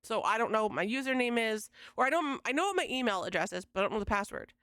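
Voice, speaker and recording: A young woman livestreaming from home, venting to her chat in a casual, exasperated rant with swearing and quick retellings of conversations. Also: a little high, lively intonation, fairly bright tone, dry recording, studio quality. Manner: exasperated, swearing, quoting others in fast retelling. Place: home streaming setup.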